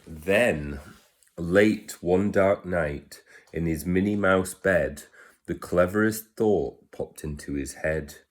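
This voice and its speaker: Slow deep-voiced man reading a picture book. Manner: gentle, asks listeners questions. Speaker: storyteller.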